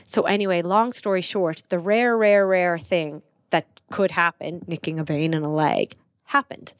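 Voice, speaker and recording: Earnest woman with a low voice. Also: moderate pace, no echo, clean studio sound. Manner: earnest, animated retelling with frequent "like" fillers. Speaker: podcast guest. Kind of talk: personal storytelling in conversation.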